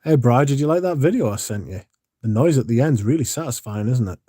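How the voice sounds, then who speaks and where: A man's voice: medium pitch, lively intonation, brisk, dark tone, no room sound, clean studio sound. A man hosting a casual livestream, sleepy and yawning, rambling and swearing as he chats to his viewers. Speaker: livestream host.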